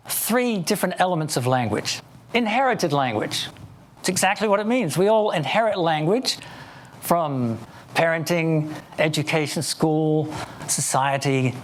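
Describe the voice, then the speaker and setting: A man's voice: high voice, a little hiss or hum. A man with an English accent giving a motivational keynote to a live audience, telling stories playfully. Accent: English, Oxford area. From England. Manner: storytelling, playful, addressing the audience. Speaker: keynote speaker.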